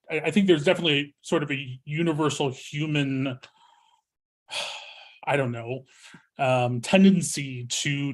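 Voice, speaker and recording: A man hosting a webinar, asking a question hesitantly with many fillers and false starts. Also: a little high.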